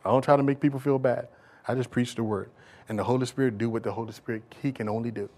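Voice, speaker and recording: A man preaching a sermon, moving from quiet, conversational asides to loud, shouted exhortation, with casual folksy remarks. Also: mid-range voice, fairly even intonation, quick pace. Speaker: pastor.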